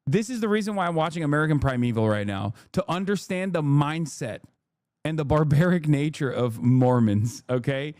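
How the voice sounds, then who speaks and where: A man in his thirties reacting to clips as a streamer, talking casually and shouting in mock outrage. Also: fairly high pitch, expressive, normal speed, dry recording, clean studio sound.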